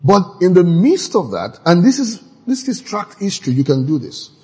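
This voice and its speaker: A man preaching a sermon in an animated way, now and then shouting out quoted lines. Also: sits high, normal speed, slightly rough. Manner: animated, acts out quoted voices with sudden shouts. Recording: long hall reverb.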